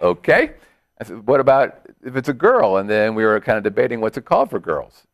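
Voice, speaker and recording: A man's voice: medium pitch, fairly quick. A man hosting a casual chat show, telling jokey stories and slipping into silly put-on voices. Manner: jokey, animated storytelling with hillbilly put-on bits. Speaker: show host.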